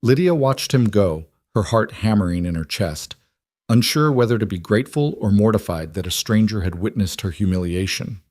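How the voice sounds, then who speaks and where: A man narrating a story in a steady, even storytelling manner. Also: lowish voice, moderate pace, no echo. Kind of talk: scripted narration.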